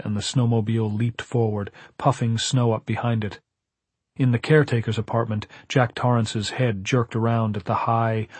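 A man narrating an audiobook in a measured, dramatic storytelling manner. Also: mid-range voice, a little mellow, breathy edge, no echo. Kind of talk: scripted narration.

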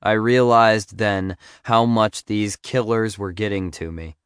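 A man narrating a memoir audiobook in a measured, earnest way on a close studio mic. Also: fairly low pitch, fairly even intonation, clear, resonant tone, no echo.

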